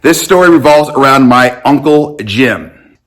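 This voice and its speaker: A man who coaches long snapping, telling a story in a casual, animated, joking and affectionate way. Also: mid-range voice, unhurried.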